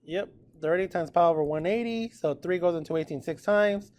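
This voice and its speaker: A man teaching a precalculus class in a relaxed, chatty way, often checking in with his students. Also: on the high side, moderate pace. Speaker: math teacher. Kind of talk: classroom lecture recorded with notes.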